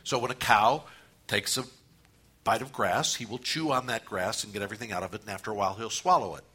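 A man preaching a sermon, animated, with repeated phrases and pauses. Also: lowish voice, husky. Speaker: pastor.

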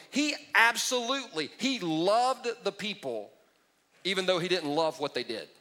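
Male pastor, middle-aged, bright and high, animated sermon delivery with comic impressions. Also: normal speed. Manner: animated, joking, mocking impressions.

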